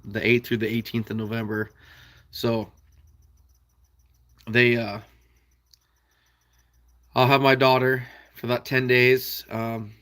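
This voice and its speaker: A man's voice: medium pitch, a bit bright. A young man from the American Midwest hosting a trapping live stream, chatting casually and answering viewers by name with frequent laughs. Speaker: trapping channel host reading live chat.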